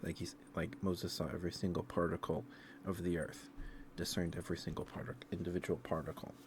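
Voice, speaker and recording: Deep voiced sleepy guy rambling on an asmr stream, faint background hiss. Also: level tone, brisk. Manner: meandering, loose storytelling.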